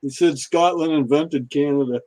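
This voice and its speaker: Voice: mid-range voice, normal speed, warm tone. A companion in the room joining a livestream chat casually, relaying comments from a distance.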